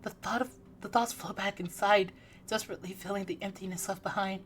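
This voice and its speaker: A woman streamer reading a game's story aloud, animated and breaking off with startled exclamations. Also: medium pitch, a little fast, slight background noise.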